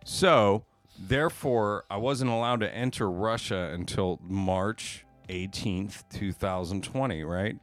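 Man, lowish voice, rambling storyteller, lots of fillers, faint music underneath. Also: takes it slowly, hardly any pauses. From United States. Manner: rambling, filler-heavy, swears casually. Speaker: podcast co-host. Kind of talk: casual storytelling chat.

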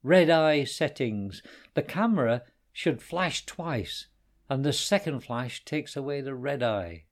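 A brave, steady ninja, as a man voices him in a storybook. He speaks firmly and calmly, with lively shifts in pitch. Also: slow. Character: calm brave male ninja, firm and wry.

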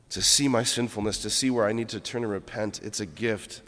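A man's voice: lowish voice, fairly even intonation, brisk, hardly any pauses, a bit bright. A man, a Catholic priest, giving an earnest, reflective homily and weaving in a personal story. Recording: long reverb of a church.

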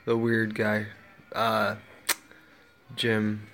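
A man's voice: on the low side, monotone, drawn-out words, a bit bright, soft background music. A tired man hosting a casual solo podcast from home, rambling and easily distracted. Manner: rambling, distracted, talks to his cats. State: tired, yawning. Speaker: podcast host.

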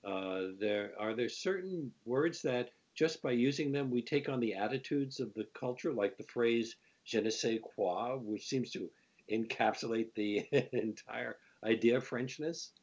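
A man hosting, asking measured, thoughtful questions. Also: mid-range voice, highs cut off. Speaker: host. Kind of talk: interview talk.

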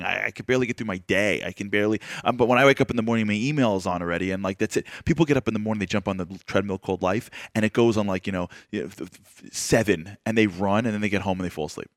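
Man with a fairly low voice, dry sound. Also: fast, hardly any pauses, no room sound. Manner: animated, long winding questions. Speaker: interviewer and radio show host. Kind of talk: conversational interview.

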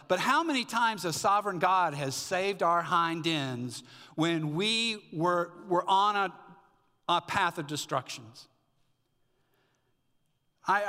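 A man's voice: fairly high pitch, pushed and bright, in a large hall. A middle-aged man preaching a sermon as a pastor, conversational and storytelling with asides. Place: church sanctuary.

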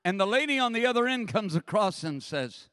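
A male preacher with a high, lively voice that leaps up and down as he tells a comic story, acting out voices and laughing along. His voice is close and dry, but a long reverb from a large church hangs behind it. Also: brisk. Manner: animated storytelling, acts out voices, laughs often. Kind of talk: sermon with humorous story. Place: church sanctuary.

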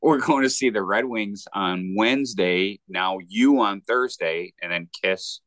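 A man hosting a podcast, chatting casually with quick asides. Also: on the low side, fairly bright tone, dry recording. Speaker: podcast host. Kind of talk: casual chat.

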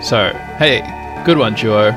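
A man cutting in with a lower, gravelly correcting aside. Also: slow, music in the background.

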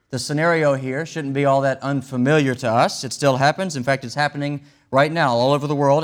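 A man preaching a sermon, explaining a scripture passage in a wry, conversational way with vivid retellings. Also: mid-range voice. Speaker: pastor.

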